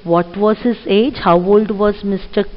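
A woman teacher, explaining a reading passage to children slowly and asking them questions. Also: mid-range voice, steady tone. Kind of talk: classroom reading lesson. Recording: muffled audio with long reverb.

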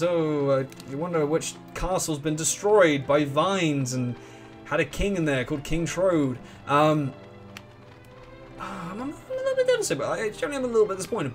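Rambling, excitable man narrating gameplay. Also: on the high side. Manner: rambling and excitable, restarts often, hums along. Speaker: let's play host. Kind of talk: casual gameplay commentary.

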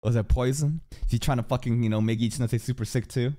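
A man chatting casually and excitedly, swearing often while reacting to an anime episode. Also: medium pitch, fast.

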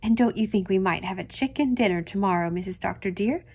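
A woman voicing a brisk, devoted housekeeper in a storybook reading. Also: mid-range voice, a little mellow, slightly rough. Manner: brisk and homely.

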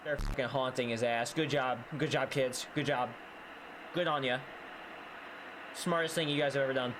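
A man's voice: medium pitch, fairly even intonation, moderate pace, noisy background. A man hosting a reaction video, chatting casually and swearing as he talks back to the screen. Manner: swears freely, banters with the screen. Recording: loud music behind the voice.

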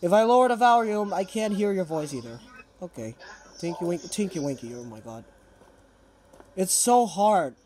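A man's voice: high voice, lively intonation, moderate pace, long pauses, crowd noise. Young man, game player, casual commentary, jittery, panicky outbursts.

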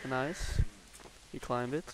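A young man chatting over a game with a friend, laughing often and blurting out swears when excited. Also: mid-range voice, slow pace. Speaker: gamer co-host. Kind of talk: casual gaming commentary.

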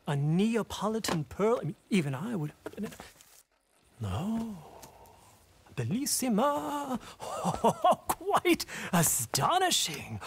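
A flamboyant snobbish collector. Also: male voice, high-pitched, vocal fry, husky, exaggerated voice. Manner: theatrical, gushing, snobbish. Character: flamboyant fussy aristocratic male collector. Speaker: game character.

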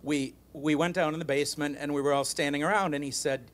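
A man's voice: fairly high pitch, steady tone, a bit bright, low-quality recording. A man, a former magazine writer, telling rambling stories on a panel at a library event. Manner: brisk, rambling storyteller with crowd laughter. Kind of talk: animated anecdote telling. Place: library event hall with audience.

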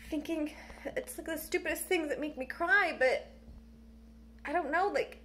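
A young woman talking in a halting, emotional way in a personal vlog, her voice close to tears. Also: high-pitched, a bit bright, a little hiss or hum. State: tearful. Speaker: vlogger.

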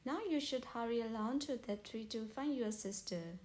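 A woman reading as a gentle female moon from a children's storybook, curious and full of questions. her voice sits a little high and is read aloud plainly. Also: moderate pace, lightly acted.

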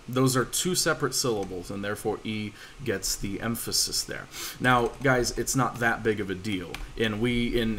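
A man's voice: lowish voice, a bit bright. Guy teaching an online class, easygoing and reassuring, slight hiss behind him. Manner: casual, reassuring, fillers and restarts. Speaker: language teacher. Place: home room, online voice call.

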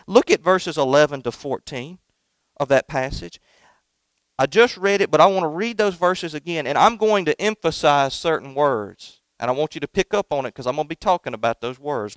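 A man's voice: fairly high pitch, fairly bright tone, clear, resonant tone, no room sound. A male pastor preaching a sermon in a church to a congregation, earnest and emphatic. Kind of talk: sermon with opening prayer.

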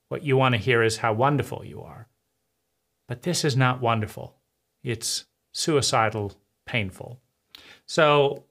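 Man, personal testimony monologue; bitter, intense, halting delivery with restarts. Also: mid-range voice, a bit bright. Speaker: trauma survivor speaking to camera.

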